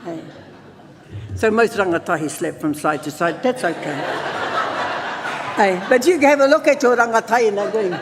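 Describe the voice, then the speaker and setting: A man in his seventies with a New Zealand accent addresses a conference as a lively storyteller, his voice sitting very high. He moves easily between stories and Māori words. A long reverb trails each phrase, as in a large conference hall. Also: moderate pace, pauses often, noisy background. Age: 70s. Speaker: conference speaker.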